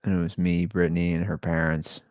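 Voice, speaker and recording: A man's voice: deep voice, level tone, a little fast, darkish tone, no echo. A man hosting his own show, talking in a somber, rambling, conversational monologue. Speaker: podcast host. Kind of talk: casual solo monologue.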